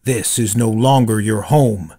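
A man's voice: on the low side, unhurried, dark tone, pitched below the performer's own voice. A man voicing a stern, commanding older male red panda kung fu master in a storybook reading.

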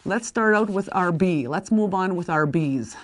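A woman's voice: on the low side, lively intonation, normal speed. A woman teaching a language lesson, patiently sounding out words and repeating them, with small apologies for slips.

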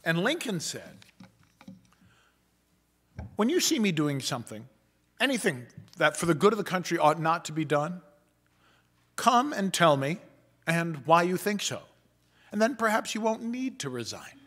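A man, a pastor, preaching a sermon in a measured, emphatic way and slowing down for quoted passages. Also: a little high, big pitch swings, fairly bright tone. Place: church sanctuary.

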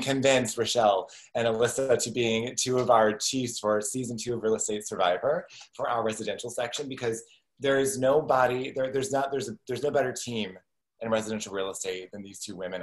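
A man's voice: mid-range voice, fairly even intonation, a little fast, low-quality recording. A man hosting an online talk show, chatting casually with jokes and self-deprecating asides. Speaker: podcast host. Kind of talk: casual chat.

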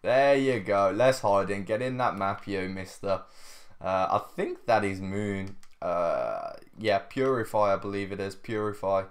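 A man's voice: lowish voice, unhurried. A man giving casual gameplay commentary, chatting to his viewers, tired and yawning. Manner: chatty, keeps addressing viewers, laughs often. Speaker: gaming video host.

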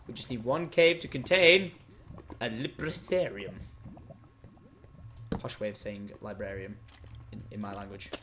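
A young man commentating his gameplay live. He is excitable, talks to the creatures in the game, and breaks into sudden loud outbursts. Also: lowish voice, normal speed, noisy background. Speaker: gaming video host.

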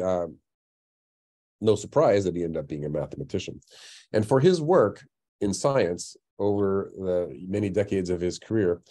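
A man's voice: deep voice, dark tone. A middle-aged man lecturing in a public science webinar, talking conversationally with lots of fillers and restarts. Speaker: astronomy lecturer. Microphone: computer mic on a webinar call.

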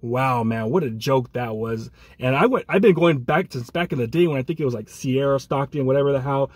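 Heated male podcast co-host; slightly raspy, pitched a bit high, dry. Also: brisk, dry recording. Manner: angry ranting, repeats "man". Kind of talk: fan rant podcast.

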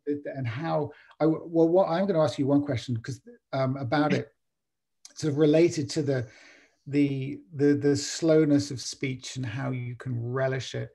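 A man of ordinary pitch hosting a bookshop's author talk over a video call. He speaks haltingly, restarting often and searching for his words. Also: steady tone, creaky, warm tone, husky. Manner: halting, many restarts and fillers. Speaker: bookshop event host. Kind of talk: hosting an online author event.

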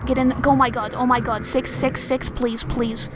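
A woman hosting a let's play, giving casual gameplay commentary with jumpy, excitable reactions, lots of restarts and occasional soft whispers. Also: on the high side, moderate pace, background noise.

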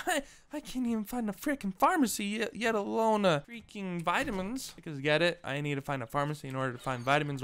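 A man's voice: a little high, pushed and bright, clear, resonant tone. A man commenting on his survival game playthrough in a jokey way, talking back to the game and its zombies, sometimes whispering. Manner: drops to a whisper at times. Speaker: gaming channel host. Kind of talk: let's play commentary.

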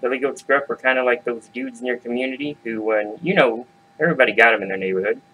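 A man's voice: medium pitch, quick pace, bright, forceful tone, low-quality recording. Laid-back slangy male storyteller. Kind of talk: comic storytelling.

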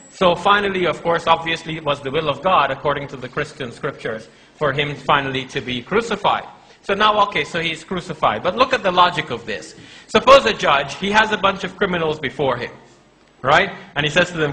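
Bright-voiced man giving a religious lecture. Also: high voice, normal speed, low-quality recording. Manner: argumentative, acts out quoted dialogue; addresses audience as brothers. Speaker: Islamic preacher.

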